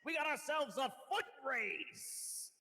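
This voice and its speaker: A man's voice: very high-pitched, animated, takes it slowly, sharp tone, long reverb tail, soft background music, voice pushed up, exaggerated voice. A man voicing a brash male orc arena announcer with tusks, in showy sports-announcer patter. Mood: hyped.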